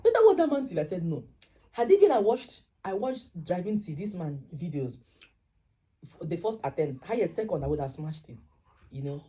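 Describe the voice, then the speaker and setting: A young Nigerian-accented woman tells a story straight to her viewers, slipping into the voices of the people she quotes. Her voice sits low and sounds warm and mellow, never sharp. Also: moderate pace. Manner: animated, acts out dialogue in quoted voices. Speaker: vlogger. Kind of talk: casual storytelling to camera.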